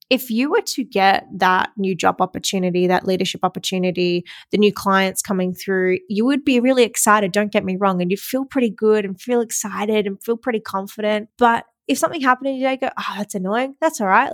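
A woman's voice: mid-range voice, a little fast, dry recording. A woman hosting a podcast in a casual, upbeat way. She chats freely, swears now and then, and acts out the inner voices of her listeners. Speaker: podcast host. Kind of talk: casual motivational chat.

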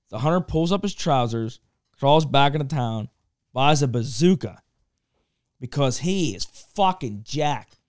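A man's voice: fairly high pitch, clean tone, dry recording, clean studio sound. A man co-hosting a podcast, reading crude jokes aloud in a loose, swearing, casual way. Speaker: podcast co-host.

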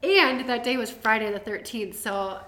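A woman's voice: on the high side, normal speed, a bit bright. Chatty young woman, roomy echo. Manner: chatty, tangent-prone, laughing. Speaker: podcast guest. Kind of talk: telling her birth story.

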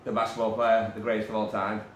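A man's voice: lowish voice, little pitch movement, quick pace, roomy sound, a crowd in the background. A man hosting a comedy podcast, rambling and stumbling over his words. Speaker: podcast host. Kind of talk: casual riffing chat.

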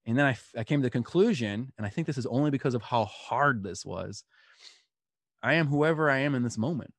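A man being interviewed, telling personal stories in an animated way and laughing as he goes. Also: mid-range voice, brisk, dry recording, studio quality. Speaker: guest. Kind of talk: storytelling interview.

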